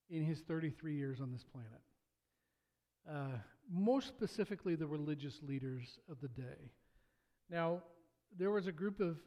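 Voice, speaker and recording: A man's voice: fairly high pitch, dark tone. A married man preaching a sermon as pastor, telling a parable in a casual, storytelling way with stammered restarts and acted-out quotes. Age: adult, married.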